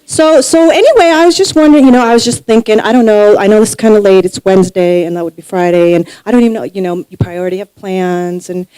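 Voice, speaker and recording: A woman's voice: mid-range voice, quick pace, hardly any pauses, warm tone, clear, resonant tone, dry recording, natural voice, poor audio. A woman voicing a nervous, over-apologetic young woman friend who rambles in run-on hedges. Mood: rambling nervous. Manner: nervous run-on chatter, endless hedging.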